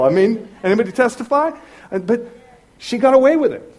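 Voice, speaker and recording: A man preaching a sermon, telling a story in an animated way and acting out the voices of the people in it. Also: extremely high pitch, fairly quick. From Southern California. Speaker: pastor.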